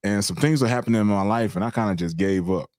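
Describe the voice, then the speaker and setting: A middle-aged man hosting a podcast, telling a personal story in an earnest, animated, slangy way. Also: lowish voice, fast, no echo, clean studio sound. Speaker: podcast host. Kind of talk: casual storytelling chat.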